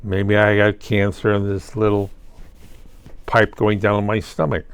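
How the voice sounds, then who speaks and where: A man's voice: fairly low pitch, completely flat delivery, a little slow, clear, resonant tone, dry recording. An older man rambling through a solo monologue, asking himself questions and answering them with wry asides. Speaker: vlogger.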